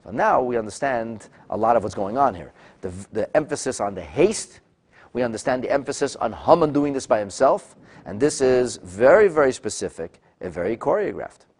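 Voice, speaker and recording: A man teaching a text-study lecture, animated and full of restarts, acting out quoted speakers with sudden loud bursts. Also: medium pitch, normal speed. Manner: frequent restarts and repeated words. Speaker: Torah teacher.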